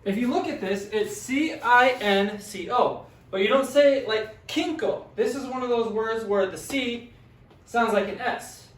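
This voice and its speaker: This Spanish teacher has an extremely high-pitched voice and speaks a little slowly. He patiently sounds out words and cheers on his students during a classroom language lesson, captured from a distance in an echoey room.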